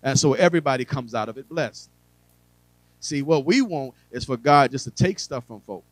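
Man preaching, quiet then loud. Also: mid-range voice, expressive, dry recording, poor audio. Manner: conversational preaching with humor and asides to the audience; swings between quiet, drawn-out phrases and loud emphasis. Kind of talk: sermon.

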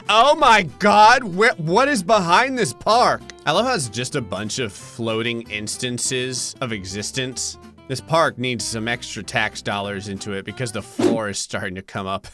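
A man giving comedic gameplay commentary, making wry jokes with sudden high-pitched outbursts. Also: pushed and bright. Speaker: gaming channel host.

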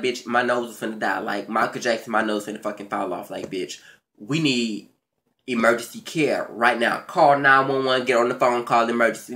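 Sassy, bright-voiced man doing a show recap. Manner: sassy, profane and animated, with big swings in pitch and loudness; stammers and restarts when excited. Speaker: YouTube show recap host. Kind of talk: casual reality-TV recap commentary.

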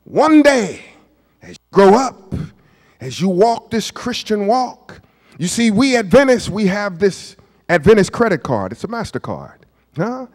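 A man in his fifties preaching with a high, lively voice that leaps up and down as he quizzes his congregation. He drops to near-whispers, then bursts into shouts. The sound carries a long church-hall reverb. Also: unhurried. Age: 50s. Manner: emphatic preaching, questions to the congregation; swings from hushed asides to shouts. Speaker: pastor. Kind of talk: sermon. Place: church sanctuary.

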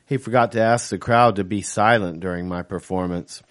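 Man reading his own novel, steady. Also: fairly low pitch. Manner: steady, measured first-person reading. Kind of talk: audiobook narration.

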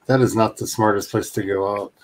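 A man's voice: on the low side, steady tone, brisk, darkish tone, low-quality recording. A man on voice chat during a game, teasing his friends in a dry, sarcastic way. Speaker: streamer playing a survival game. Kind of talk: casual gaming chat.

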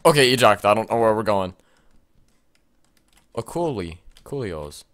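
A young man narrating his own gameplay in a low voice that swings wildly in pitch. He jumps between mumbling to himself and shouting at the game, peppering it with mild curses, while keyboard typing is heard behind him. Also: measured pace. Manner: excitable, yelling at the game, mild swearing. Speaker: let's play gamer. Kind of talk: gameplay commentary.

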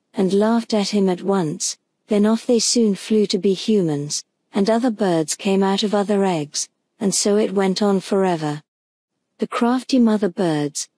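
A woman narrating a gentle bedtime story for sleep, slow and soothing. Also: medium pitch, dry recording. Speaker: audiobook narrator.

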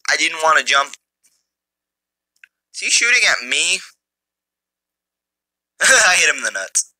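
Man, gamer, jokey trash talk, swooping animated pitch, bright, tense edge. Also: takes it slowly, dry recording. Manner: excitable, jokey, taunts enemies. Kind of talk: mobile gameplay commentary. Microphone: phone's built-in mic.

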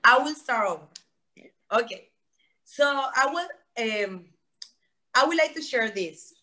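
Bright Panamanian-accented woman on a call. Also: high voice, animated, a little slow. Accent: Panamanian Spanish. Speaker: human rights advocate. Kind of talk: casual video-call interview.

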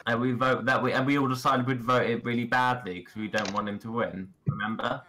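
A man's voice: mid-range voice, fairly even intonation, fairly quick, sharp tone. A man joking and teasing his friends in casual chat over voice chat while gaming.

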